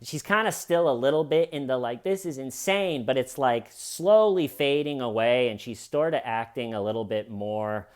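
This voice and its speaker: Male commentator with a mid-pitched voice, sarcastic and animated, doing comic true crime commentary. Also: normal speed, few pauses, clean tone.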